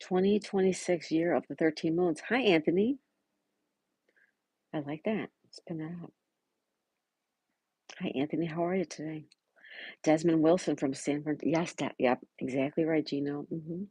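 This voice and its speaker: A livestream host from Buffalo, New York reads viewers' comments aloud, greeting each person by name and chatting back warmly. Her voice sits low and husky, steady in tone at a normal speed, with frequent pauses. The recording is dry.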